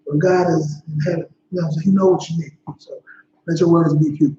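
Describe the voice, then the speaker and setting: High-voiced man teaching scripture casually. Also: flat delivery, fast, warm tone, a little hiss or hum. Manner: laid-back, slangy, frequent "you know what I'm saying". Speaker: Bible study leader. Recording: dull echoey livestream audio.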